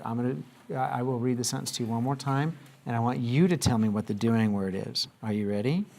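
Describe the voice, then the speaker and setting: A man's voice: medium pitch, gravelly, darkish tone. A man teaching a classroom lesson, patiently asking questions and having students repeat after him.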